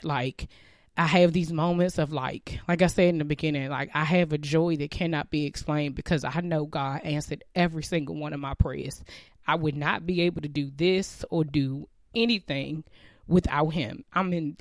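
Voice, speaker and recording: A woman's voice: low voice, normal speed, a little mellow, no echo, clean studio sound. A woman hosting a personal faith podcast, talking candidly with many fillers and getting teary. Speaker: podcast host. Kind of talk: casual personal faith talk.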